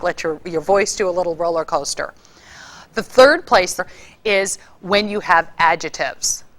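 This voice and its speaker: A woman giving a casual spoken lesson on public speaking, showing different ways to deliver lines with lively shifts in emphasis. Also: mid-range voice. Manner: lively, demonstrates vocal delivery with varied emphasis.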